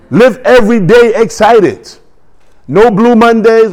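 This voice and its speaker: Guy preaching, bit higher voice, keeps getting the crowd to say stuff back, gets all fired up. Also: takes it slowly. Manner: exhorting, call-and-response with congregation; builds to excited, emphatic declarations. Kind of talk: sermon.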